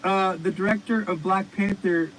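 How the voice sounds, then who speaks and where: A man's voice: high voice, normal speed, slight background noise, rough recording. A man co-hosting a podcast, telling rambling, profane stories in casual comedic chat. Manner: rambling, profane, animated storytelling. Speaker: podcast co-host.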